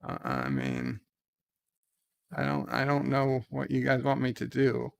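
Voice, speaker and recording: Slow, gravelly man reading letters. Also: medium pitch, expressive. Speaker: vlog host reading viewer letters. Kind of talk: casual live-stream chat. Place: home, indoors.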